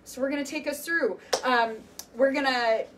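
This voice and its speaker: A woman's voice: high-pitched, normal speed, noisy background. A young adult woman leading an animal-themed workout class, chatty and encouraging, breaking into playful animal noises. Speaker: fitness instructor. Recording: voice from a distance with faint music. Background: faint workout music.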